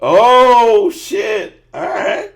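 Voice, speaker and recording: A man's voice: very high-pitched, lively intonation, extremely slow, creaky. A man hosting a podcast, ranting with a lot of swearing in casual chat. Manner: profane, ranting. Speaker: podcast host.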